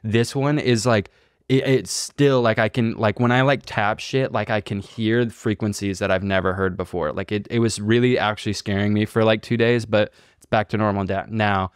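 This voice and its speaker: A man with a lowish, smooth, clean voice tells a rambling story in a podcast chat, swearing freely and leaning on filler words. He is recorded close to a studio mic in a dry room. The delivery is loose and conversational. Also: steady tone, normal speed, no echo. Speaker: podcast co-host.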